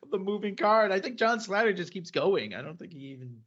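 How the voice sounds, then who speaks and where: A man's voice: high-pitched, fast talker, highs cut off. A man co-hosting a podcast, casually recapping a TV episode, acting out quotes and laughing often. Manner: animated retelling, acts out quotes, laughs often. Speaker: podcast co-host.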